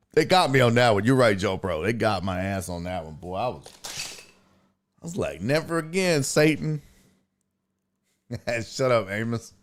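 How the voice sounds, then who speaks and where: A man hosting a casual sports talk livestream, ranting and telling stories with lots of cursing and answering viewer chat. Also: medium pitch. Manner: animated, profane storytelling rants. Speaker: sports talk show host.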